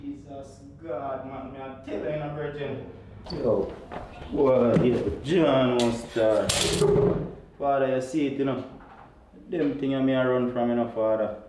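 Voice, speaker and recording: A man's voice: medium pitch, fairly even intonation, measured pace, noisy background, close to an everyday voice. A man playing a jealous Jamaican boyfriend. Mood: brooding. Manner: ordering, shouting commands. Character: jealous angry man throwing out his girlfriend. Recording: echoey room, mic far off.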